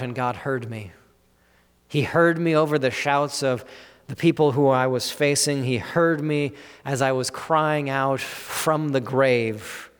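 A man preaching a sermon on a psalm, earnest and halting, with frequent restarts and "you know" fillers. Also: fairly high pitch. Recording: long hall reverb.

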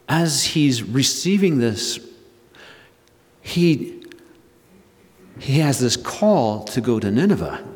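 Pastor type, mid-pitched man, emphatic sermon delivery with stretched-out key words, long hall echo. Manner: emphatic preaching, retelling scripture with rising and slowing stresses.

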